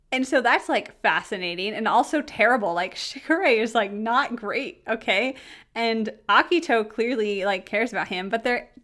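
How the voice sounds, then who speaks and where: Giggly, bubbly young woman vlogger. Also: high-pitched. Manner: bubbly, giggly, rambling with many "like"s. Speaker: anime review YouTuber. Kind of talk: casual excited review vlog.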